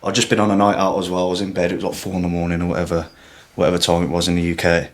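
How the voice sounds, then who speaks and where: Low-voiced young Englishman, rambling. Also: little pitch movement, very fast. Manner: rambling, lots of "like" and swearing. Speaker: podcast guest. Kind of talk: emotional casual chat.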